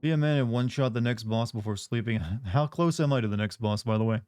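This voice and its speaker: A male streamer in casual chat, tired and yawning, thanking his viewers in a relaxed, drowsy way. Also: medium pitch, quick pace, clear, resonant tone.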